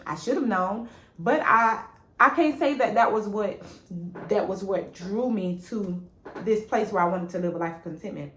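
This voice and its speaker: Woman, 30s, animated faith testimony, chatty, calls viewers y'all, phone mic, echoey room. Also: medium pitch, normal speed. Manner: animated and preachy, addresses viewers as "y'all" and "baby". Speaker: vlogger sharing a faith testimony. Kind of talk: casual spoken testimony. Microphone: phone propped up.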